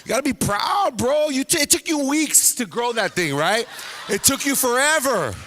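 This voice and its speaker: A man hosting a live stand-up show, teasing the audience and dropping into quick voices of the people he talks about. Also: very high-pitched, animated, pushed and bright, slight background noise. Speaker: stand-up comedian and host. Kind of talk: stand-up crowd work.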